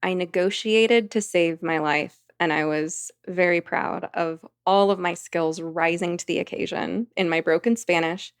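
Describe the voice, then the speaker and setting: A woman's voice: on the low side, steady tone, unhurried, few pauses, clear, resonant tone. A woman, a podcast guest, telling a vivid story in casual conversation. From United States.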